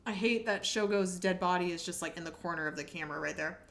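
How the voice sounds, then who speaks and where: A woman's voice: fairly low pitch, fast talker, fairly bright tone. A woman streamer giving casual, reactive commentary while playing a horror mystery game. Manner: reactive, exclaiming. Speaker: let's play streamer. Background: background music.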